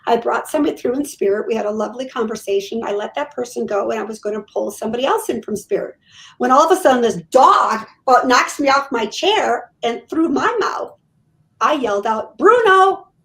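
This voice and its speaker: Middle-aged woman medium, animated storyteller, voice on the high side. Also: fairly quick, low-quality recording. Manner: animated, acts out quotes. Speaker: psychic medium guest. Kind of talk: casual storytelling in an interview.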